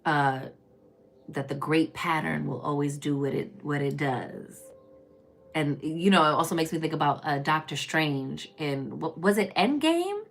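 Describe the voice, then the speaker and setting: Deep-voiced tarot lady preaching to her viewers, calls everyone baby, gets loud then mutters, soft music behind. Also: unhurried. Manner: chatty and preachy, calls listeners baby and y'all; swings between loud emphatic bursts and low murmurs. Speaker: tarot reader. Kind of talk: casual spiritual reading on a live stream.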